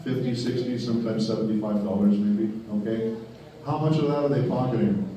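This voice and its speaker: Male voice actor at a panel Q&A, dark mellow tone, candid and wry, heard from far off in a big echoey hall. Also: on the low side, fairly even intonation, brisk. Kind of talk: panel Q&A storytelling.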